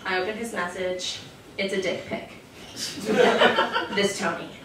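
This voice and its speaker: A young woman doing a stand-up comedy routine on a club stage, deadpan and self-mocking, with frequent "um" fillers. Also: medium pitch, normal speed, heavy background noise. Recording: echoey club recording from far off. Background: audience laughter.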